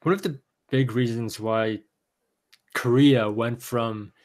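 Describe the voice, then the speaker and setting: A man co-hosting a casual podcast chat, talking haltingly with frequent fillers and restarts. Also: medium pitch, fairly even intonation, a little mellow. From Taiwan. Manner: hesitant, many restarts and fillers. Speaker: podcast co-host.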